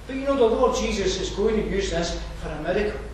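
High-voiced Scottish preacher in an echoey hall. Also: male voice, animated, fast talker, slight background noise. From Scotland. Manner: conversational, digressive, frequent fillers and restarts. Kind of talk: sermon. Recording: echoey room from far off, faint ambience.

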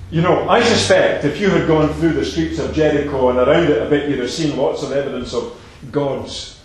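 Male preacher, slightly higher voice, emphatic with soft asides, booming echoey room. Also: moderate pace. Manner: emphatic, repeats phrases, swings between loud and soft. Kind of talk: sermon. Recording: very echoey hall.

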